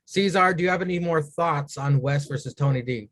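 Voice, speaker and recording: A man with a slightly higher voice hosts a loose wrestling podcast. He talks through the matches with crude jokes and throws questions to his co-hosts. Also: fairly quick, a bit bright. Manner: crude, joking, leads the rundown. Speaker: podcast host. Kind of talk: casual wrestling talk.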